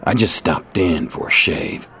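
An actor playing a calm, stoic frontier lawman who answers in short, dry lines. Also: sits low, unhurried, a little hiss or hum, full character voice.

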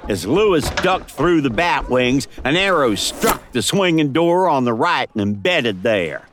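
Expressive male audiobook narrator. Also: mid-range voice, measured pace, noisy background. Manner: dramatic, expressive storytelling. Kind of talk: scripted western audiobook narration.

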